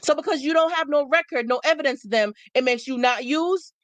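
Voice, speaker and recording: Brisk and high-voiced, with no echo, a female livestream host delivers a motivational talk to her viewers. Her manner is emphatic and preachy, and she repeats phrases for effect.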